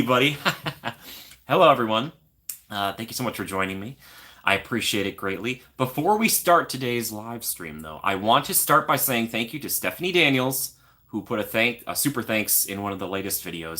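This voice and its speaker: An upbeat man chats casually on a live stream, greeting viewers by name and answering their questions. His voice sits a little low but sounds bright and forward, and he often lifts into a playful sing-song. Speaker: YouTube live stream host.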